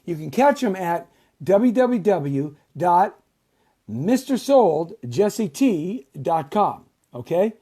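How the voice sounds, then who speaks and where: A man hosting his own show, rambling through casual sponsor pitches in a repetitive, salesman-like way. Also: very animated, slow, mellow, husky. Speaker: show host.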